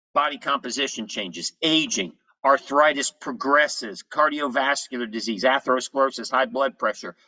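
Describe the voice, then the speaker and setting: A man giving an energetic health presentation, telling his story in short punchy phrases. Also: medium pitch, muffled recording.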